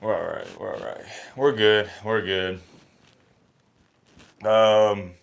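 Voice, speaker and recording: A man, a sports YouTuber, talking in a dejected, halting way, sighing and close to tears in a reaction vlog. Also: on the low side, fairly even intonation, creaky, slight background noise.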